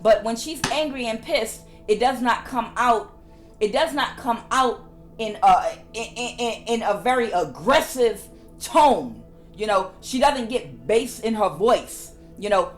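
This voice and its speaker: Woman tarot reader, lilting and animated delivery, hammers points by repeating herself. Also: a little high, a little slow, soft background music. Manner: repeats phrases emphatically. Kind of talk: casual spiritual reading.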